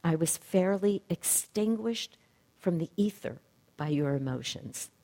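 A woman voicing a calm, gentle male spiritual master who speaks softly. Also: lowish voice, unhurried. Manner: calm, soft-spoken.

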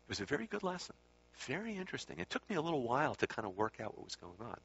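A man's voice: mid-range voice, very animated, rapid-fire, creaky, fairly bright tone, a little hiss or hum. A man telling a casual, rambling anecdote about a spiritual teacher, correcting himself and adding asides as he goes. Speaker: speaker recalling time with a spiritual teacher. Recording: dull lo-fi recording.

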